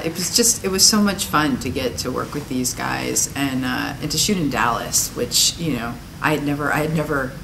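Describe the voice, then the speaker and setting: A woman with a low but bright, forceful voice chats in a bubbly, animated way, quick to laugh. She is giving a casual press interview, with faint noise behind her. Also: low-quality recording. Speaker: actress and author interviewed at a press junket. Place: convention venue.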